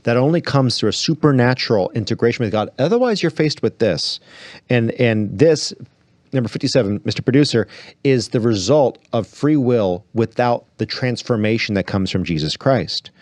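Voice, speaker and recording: A man's voice: mid-range voice, lively intonation, normal speed, darkish tone, no room sound. A man hosting a podcast, reading a book aloud and then discussing it with earnest, preacher-like emphasis. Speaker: podcast host.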